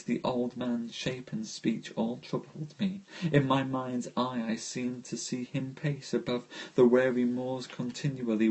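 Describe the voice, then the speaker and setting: A man reads poetry aloud on a live stream, dreamy and drawn out. His pace is very slow and his voice sits at an ordinary middle pitch. Between poems he turns to greet viewers in an easy, chatty way. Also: a little mellow. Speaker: host reading poetry aloud.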